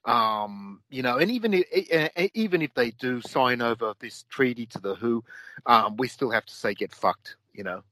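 Australian man co-host, profane and heated, medium-pitched, dry close mic. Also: expressive, moderate pace, sharp tone, dry recording, rough recording. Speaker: podcast co-host. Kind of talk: ranting casual talk.

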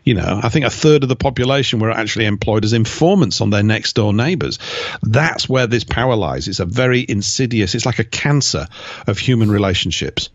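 A man's voice: on the low side, animated, fairly quick, no echo, lo-fi sound. A man giving emphatic, opinionated answers as an interview guest, with mocking asides. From Britain.

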